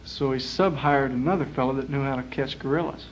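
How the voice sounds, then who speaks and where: A man telling jokes on stage in a small lounge, in a rambling, folksy way with many pauses and uhs. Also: medium pitch, fairly even intonation, slight background noise. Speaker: performer. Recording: muffled 1960s live club tape.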